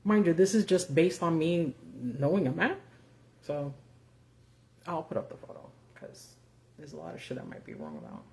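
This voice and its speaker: Hosting a live video, a woman with a deep, creaky yet mellow voice talks very animatedly at a moderate pace, with a little hiss or hum in the background. Her commentary is casual and profane, with sarcastic asides, lots of fillers and the odd swear word.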